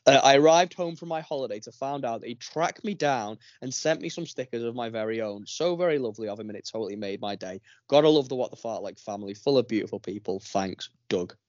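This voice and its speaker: A man's voice: medium pitch, quick pace, hardly any pauses, a little mellow, dry recording. A man hosting a casual podcast, joking and rambling, a little under the weather. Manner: joking, rambling, swears freely. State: slightly ill. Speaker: podcast host. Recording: dry, dull lo-fi remote recording.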